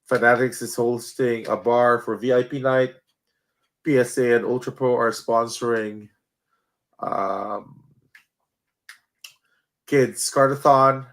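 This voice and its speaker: A man speaks as a guest on a live chat show, running through event details in a loose, halting way. His voice sits at an ordinary middle pitch, with plenty of fillers between phrases. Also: steady tone. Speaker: card show organizer, guest. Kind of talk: casual chat and event promotion.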